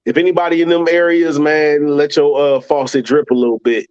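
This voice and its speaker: A man's voice: on the high side, flat delivery, brisk, crowd noise. A man co-hosting a casual livestream chat, often repeating a word as he gets a sentence going. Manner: repeats words as he starts sentences. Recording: dull lo-fi audio.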